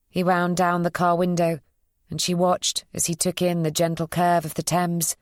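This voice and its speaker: Woman reading a thriller audiobook, low voice, steady pace, dead dry recording. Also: no echo. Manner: even, measured storytelling; voices characters. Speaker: audiobook narrator. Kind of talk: scripted audiobook narration.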